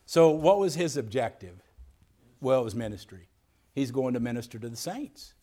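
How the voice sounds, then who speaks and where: A man's voice: mid-range voice, lively intonation, normal speed, mellow. A man preaching as a pastor, earnest, often repeating words and restarting as he goes. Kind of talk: sermon.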